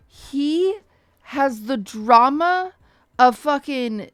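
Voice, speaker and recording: Animated young woman streamer telling a story. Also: high-pitched, takes it slowly, dry recording, studio quality, soft background music. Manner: animated, acts out quoted voices, swears casually. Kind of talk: casual storytelling to chat.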